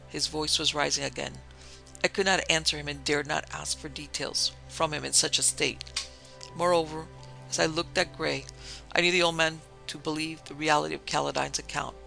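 A man reads a story in a measured, composed narration. His voice is a little higher than most men's, bright and gravelly. Faint music plays quietly behind him. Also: fairly even intonation, low-quality recording.

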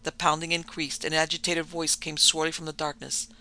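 Man reading a horror audiobook, measured and dramatic, kinda high and crackly, faint music under it. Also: completely flat delivery, sharp tone. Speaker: narrator.

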